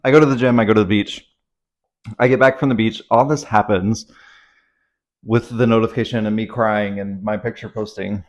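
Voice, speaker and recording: A man's voice: on the low side, fairly even intonation, normal speed. A young man telling a story to his camera at home in a casual vlog, rambling, anxious and swearing freely. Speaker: vlogger. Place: at home indoors.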